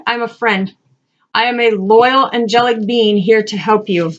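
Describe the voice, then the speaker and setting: A woman reading spiritual messages, earnest and repetitive, speaking encouragingly and asking spirit questions out loud. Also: fairly high pitch, dull audio. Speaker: spiritual reader and channel host. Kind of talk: casual spiritual card-reading talk.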